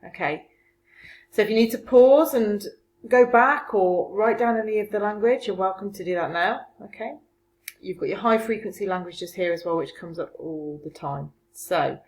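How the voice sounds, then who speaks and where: A woman's voice: medium pitch, normal speed, darkish tone, low-quality recording. A woman teaching a recorded remote French lesson, patiently explaining phrases step by step.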